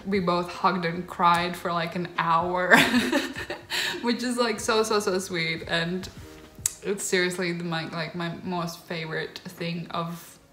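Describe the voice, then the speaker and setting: A young woman vlogger telling a personal story in a casual, gushing way, emotional and near tears, with lots of fillers. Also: lowish voice. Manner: gushing, tearful excitement, filler-heavy. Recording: roomy echo.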